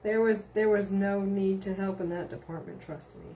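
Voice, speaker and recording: A woman's voice: medium pitch, steady tone, normal speed, warm tone, a little hiss or hum. A middle-aged woman, chatting casually on a live stream and reading out viewer comments, bubbly and giggly. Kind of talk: casual chat.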